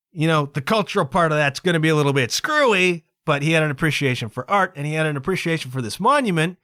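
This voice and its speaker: On his own podcast, a Canadian man with a fairly high, fairly bright voice talks alone in a casual, wandering way, tacking on asides like "okay?" and "kids." The studio-quality recording has no echo.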